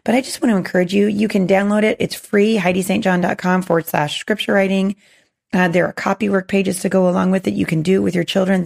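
A woman hosting a faith podcast, hoarse with a gravelly voice, earnest and encouraging with many restarts. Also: mid-range voice, fairly even intonation, fast talker, a little mellow. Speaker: podcast host.

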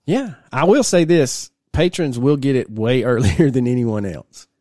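A man's voice: mid-range voice, animated, measured pace, warm tone, dry recording, clean studio sound. A man co-hosting a casual podcast, rambling through stories and laughing often. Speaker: podcast co-host.

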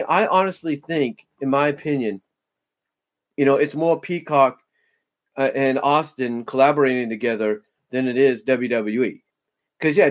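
A man giving casual solo commentary on a podcast, rambling with many fillers and repeating himself. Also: fairly high pitch. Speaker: wrestling commentator.

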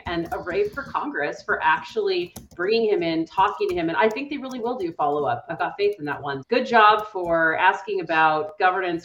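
A woman speaks as a guest on a roundtable podcast, lively and opinionated. Her voice sits low. The audio is echoey and dull, with a lo-fi quality. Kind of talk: casual roundtable podcast chat.

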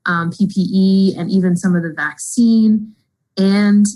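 A woman's voice: mid-range voice, steady tone, unhurried, warm tone, low-quality recording. A woman answering interview questions fluently and in a businesslike way as a fraud executive.

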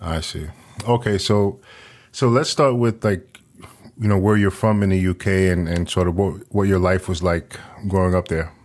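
A man's voice: deep voice, fairly even intonation, normal speed, a little mellow. A man hosting a podcast interview, talking casually with many fillers. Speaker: podcast host.

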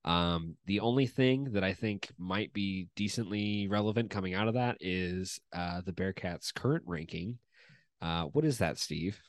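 A man's voice: deep voice, measured pace, no room sound, studio quality. A man hosting a sports podcast, chatting casually and upbeat, laughing easily. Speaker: podcast host.

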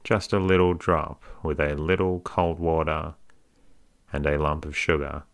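A man's voice: extremely low pitch, little pitch movement, unhurried, vocal fry, heavily acted. A man voicing a fawning, scheming woman who looks after orphans, wheedling and overly humble, read as a bedtime story. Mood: coaxing.

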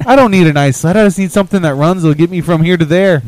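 A boozy, chatty male mechanic, as a man puts him on, with a thick Canadian-ish northern accent, talking in loose, slangy bursts. The voice sits higher and louder than the teller's own, with a grinning, carefree bounce. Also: quick pace, dry recording, lightly acted. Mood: boozy enthusiasm. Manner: loose, enthusiastic, slangy bragging. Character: drunk, chatty male mechanic on a snowmobile trip.

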